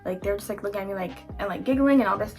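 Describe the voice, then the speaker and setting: A woman's voice: mid-range voice, very fast, a little mellow, faint music behind. A young woman vlogger telling a candid, chatty storytime, with lots of "like" and quoted asides. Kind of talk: casual storytime.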